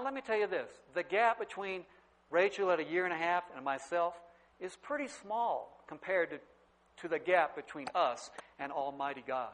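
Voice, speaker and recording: Storytelling preacher man, rather high voice. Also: rough recording. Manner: storytelling preacher, wide swings in loudness. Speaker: pastor. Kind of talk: sermon.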